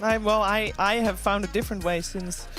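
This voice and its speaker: A woman's voice: medium pitch, steady tone, moderate pace, a bit bright, faint music behind. A woman leading a live esports desk segment. She sounds cheerful and laughs easily, then settles into talking through the upcoming match. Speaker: esports caster and desk host. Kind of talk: live broadcast desk talk.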